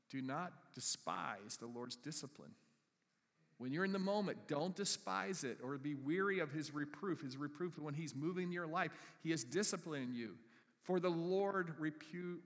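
A male pastor delivers a sermon in a conversational way and keeps turning to his congregation with questions. His voice sits at an ordinary pitch. It rings with the long reverb of a church sanctuary.

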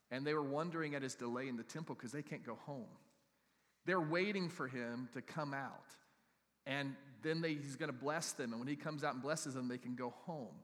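A middle-aged man preaching a sermon as a pastor, with animated, humorous storytelling and asides to the congregation. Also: mid-range voice. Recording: long hall reverb.

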